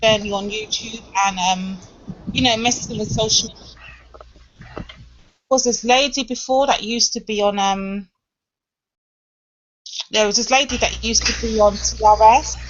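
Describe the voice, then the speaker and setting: A woman's voice: a little high, unhurried, pauses often, a bit bright. A British woman in casual chat, frank and emphatic, swearing now and then. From Britain. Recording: dull lo-fi audio with faint noise.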